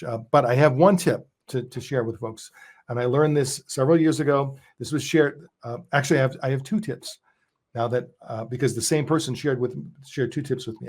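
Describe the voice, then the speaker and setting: A male podcast host with a mid-range voice, speaking in an easy conversational way. He stops and restarts often, repeating words while he works through a thought. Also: medium pitch. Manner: halting, repeats words while thinking aloud. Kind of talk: casual interview conversation.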